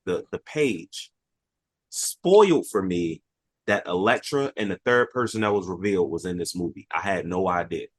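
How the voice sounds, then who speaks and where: A man's voice: low voice, normal speed, no echo. A young man chatting casually about a movie on a podcast, telling stories and acting out quotes in raised voices. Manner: animated storyteller, acts out quotes in raised voices. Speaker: podcast host. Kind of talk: casual movie review chat.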